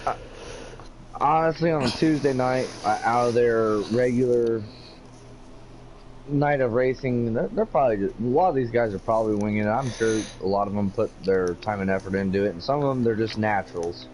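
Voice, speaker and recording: A man's voice: mid-range voice, normal speed, darkish tone, a little hiss or hum, poor audio. A man co-commentating an online race in a loose, rambling way with crude jokes. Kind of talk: casual sim-racing commentary.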